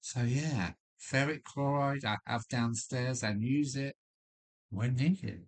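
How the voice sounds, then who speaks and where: A man with a deep voice hosting a casual live stream from his loft, rambling with many fillers and restarts while chatting with viewers. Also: takes it slowly. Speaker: livestream host. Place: home loft.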